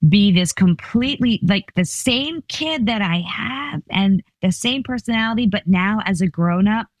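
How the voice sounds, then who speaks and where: A woman's voice: medium pitch, lively intonation, unhurried, no echo. A woman in her fifties, a comedian chatting as an interview guest, telling stories with laughs and playful voices. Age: 50s. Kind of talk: casual interview chat.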